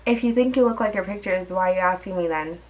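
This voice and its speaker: A woman's voice: lowish voice, fast talker, darkish tone, low-quality recording. A young woman vlogger telling a dating story in a chatty, exasperated way, full of fillers and asides. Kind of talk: storytime vlog.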